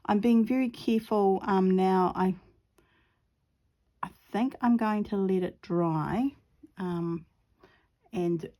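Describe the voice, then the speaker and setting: A woman's voice: mid-range voice, slow pace, long pauses, dark tone. Chatty New Zealand woman painting. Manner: chatty, rambling, giggly asides, half-muttered to herself. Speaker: watercolor painting vlogger. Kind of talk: casual chat while painting.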